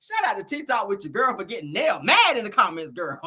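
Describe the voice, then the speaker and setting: A sassy woman dishes gossip straight to her viewers, laughing often and calling them honey and girl. Her voice is husky, and her pitch swoops up and down as she talks. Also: huge pitch swings, unhurried, pauses often, bright, forceful tone. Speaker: gossip commentary host. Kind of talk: casual gossip commentary.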